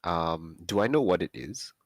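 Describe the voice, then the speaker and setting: A woman playing a tabletop game, asking questions about her character's actions in a calm way. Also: very deep voice, moderate pace, no echo. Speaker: player.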